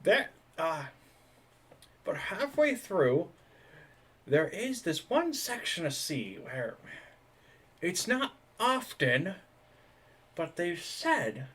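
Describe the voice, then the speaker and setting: A man voicing an excitable older dock official who talks in a folksy drawl and stammers. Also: high voice, very slow, long pauses, breathy edge, pitched above the performer's own voice, heavily acted. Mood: conspiratorial.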